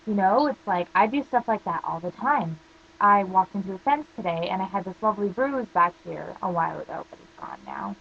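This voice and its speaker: A woman's voice: medium pitch, big pitch swings, fairly quick, gravelly, slightly rough, highs cut off. A teenage girl ranting casually to camera, rambling through stories full of "like" fillers. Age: teens. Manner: rambling storytelling, constant "like" fillers. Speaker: vlogger.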